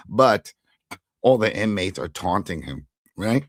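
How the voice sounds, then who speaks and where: A man co-hosting a casual TV recap chat, retelling scenes with animated quoted lines. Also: sits low, slow, no room sound. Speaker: podcast co-host.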